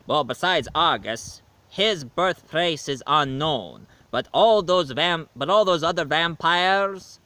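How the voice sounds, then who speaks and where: Dracula, as a man plays him, reviews an old game in a bright, slightly raised voice. He talks slowly and rambles, correcting himself as he goes. He sounds like a weary vampire who wants no more killing. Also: on the high side, heavily acted. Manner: slow, rambling, self-correcting. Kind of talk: in-character video game review.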